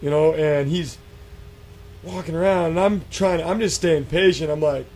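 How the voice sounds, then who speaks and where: A man telling a spooky encounter story in a casual, animated way, acting out quotes with many fillers and restarts. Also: on the high side, moderate pace, slight background noise. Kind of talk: casual storytelling on a radio show.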